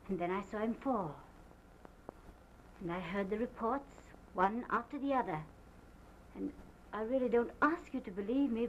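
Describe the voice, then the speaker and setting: An actress playing a distraught planter's wife who gives a halting, theatrical statement in an early sound film. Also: female voice, mid-range voice, close to an everyday voice. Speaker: witness giving a statement. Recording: muffled 1929 film sound with faint hiss.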